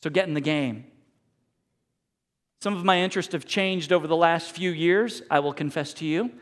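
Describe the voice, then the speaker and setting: High-voiced pastor preaching in a reverberant hall. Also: male voice, normal speed. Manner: conversational and animated, with self-corrections. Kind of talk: sermon. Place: church sanctuary.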